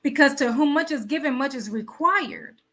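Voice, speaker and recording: A woman's voice: high-pitched, normal speed, a bit bright. A woman hosting a wellness talk show, speaking in a preachy way with many rhetorical questions and repeated phrases. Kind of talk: motivational live talk.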